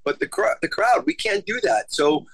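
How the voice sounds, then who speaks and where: A man's voice: fairly high pitch, huge pitch swings, moderate pace, gravelly, a bit bright, breathy edge, no echo, low-quality recording. A man, a touring musician giving an earnest, emphatic interview and repeating himself for emphasis. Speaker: guest musician. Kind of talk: remote interview.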